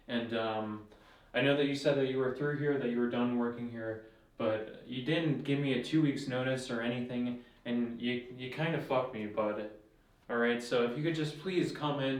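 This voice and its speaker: A man's voice: medium pitch, distant mic, lightly acted. A man plays a frazzled young business owner in an indie film, stumbling through his words with plenty of "uh" and "like". His voice sits in a middle register, heard from a little way off the mic in an echoey room. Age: young adult. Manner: hesitant, rambling, full of fillers. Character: stressed young male small-business owner. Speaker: warehouse owner.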